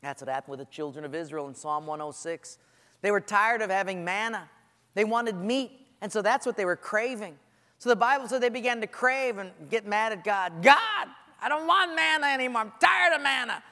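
A man preaches with a fairly high voice, telling lively stories and slipping into the voices of whining people and answering characters. His words ring out with a long reverb from a big hall. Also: a little fast. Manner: animated storytelling, acting out voices of people praying. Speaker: pastor. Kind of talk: sermon.

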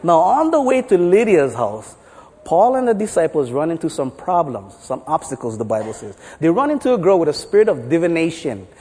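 Lively, playful pastor. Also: male voice, on the high side, fairly quick, in a large hall, slight background noise. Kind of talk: sermon with jokes.

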